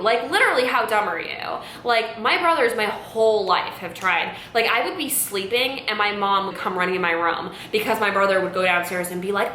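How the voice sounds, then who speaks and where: A young woman vlogger telling a personal story candidly, rambling, with lots of "like" and "you know". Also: bright, forceful tone. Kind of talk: storytime vlog. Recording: echoey room with faint rumble.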